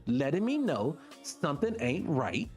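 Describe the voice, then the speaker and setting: A man's voice: measured pace, soft background music. A middle-aged man hosting a radio show, talking casually to listeners with lots of rhetorical questions. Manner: animated, rhetorical questions, pitch jumps when excited.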